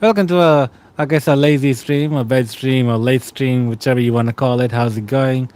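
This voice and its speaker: A man's voice: mid-range voice, moderate pace, clean tone. A man in his thirties from Australia, chatting casually with stream viewers while lying tired in bed. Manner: relaxed, rambling, greets chat by name.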